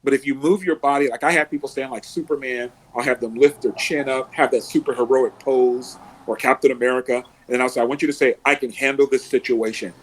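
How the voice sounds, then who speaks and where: Husky-voiced man coaching with animated stories. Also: medium pitch, brisk, hardly any pauses. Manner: animated storyteller, acts out quotes and heroic laughs. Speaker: emotional success coach. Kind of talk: podcast guest explaining.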